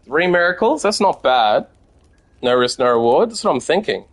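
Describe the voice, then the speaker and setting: The Australian streamer's voice is on the high side, sing-song, at a moderate pace. Talking to his viewers over a card game, he keeps up casual commentary and swears freely.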